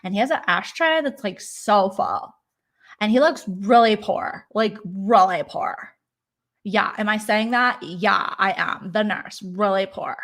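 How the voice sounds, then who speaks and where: A woman's voice: mid-range voice, a little slow, a bit bright. A young adult woman hosting a casual vlog, chatting in an exasperated way with lots of fillers. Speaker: vlogger host. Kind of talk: casual gossip chat.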